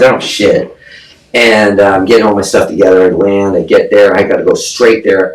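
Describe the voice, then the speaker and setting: A man guest on a podcast, telling a story in a blunt, profane, casual way and acting out the voices of people he quotes. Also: low-pitched. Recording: echoey room, distant mic, faint noise.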